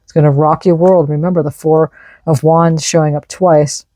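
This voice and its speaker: A woman's voice: low voice, steady tone, moderate pace, warm tone, no echo. A woman giving an enthusiastic, casual tarot reading, reading out card messages and explaining them. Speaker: tarot reader.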